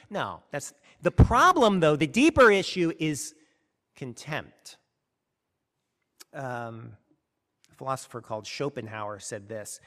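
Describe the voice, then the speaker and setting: A man's voice: medium pitch, very animated, a little slow, a bit bright, in a large hall. A man preaching a sermon as pastor, earnest and emphatic, often restarting his sentences.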